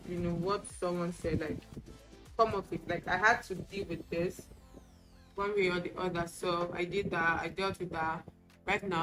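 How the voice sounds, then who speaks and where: Getting ready on camera, a beauty vlogger tells frank personal stories in a chatty way, performing the exchanges people had with her. She has a fairly low voice. The audio is poor, with music playing behind her.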